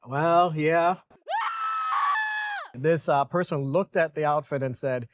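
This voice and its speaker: A man's voice: fairly high pitch, unhurried, pauses often, no room sound, raised voice. A middle-aged man, a company president, chatting casually on camera with dry, self-mocking humor. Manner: dry humor, laughs at himself.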